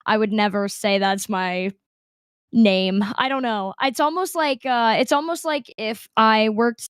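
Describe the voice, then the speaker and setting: A young woman chats casually as an interview guest over a video call, laughing often and playing out the other people in her anecdotes. Her voice sits a bit high and the sound is dry and close. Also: a little slow, clean tone, no echo. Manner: chatty, laughing, acts out quoted people. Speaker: guest streamer.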